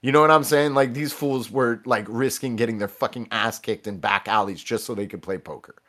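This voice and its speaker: A man's voice: mid-range voice, fairly quick. A man in his thirties, swearing freely and stopping often to restart as he tells fighting stories in a casual podcast chat. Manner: animated, profane, with many restarts and quoted voices. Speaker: podcast guest.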